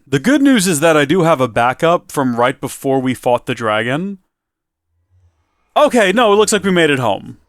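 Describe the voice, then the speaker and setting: A man's voice: medium pitch, fairly bright tone, no echo, studio quality. A man hosting a casual gameplay video, talking in a rambling, self-deprecating and flustered way. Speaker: let's play host.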